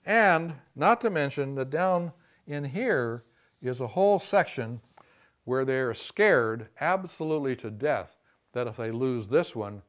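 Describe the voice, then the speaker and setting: Male lecturer with a mid-range voice, conversational, leaning on "you know" and "see", bursting loud when he acts out quoted voices. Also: medium pitch, expressive, measured pace. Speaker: teacher of a boundaries class. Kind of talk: classroom lecture.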